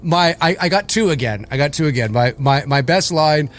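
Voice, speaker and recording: A man guest co-hosting a casual film podcast, excitable, stumbling over repeated words and laughing often. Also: a little high, moderate pace, a little hiss or hum. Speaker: guest co-host.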